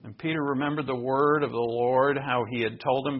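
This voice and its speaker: A man preaches in an earnest, conversational tone, his voice gravelly and husky. The recording sounds a little dull and lo-fi. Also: mid-range voice, fairly even intonation, normal speed, hardly any pauses. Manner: earnest, conversational storytelling with personal asides. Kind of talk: sermon.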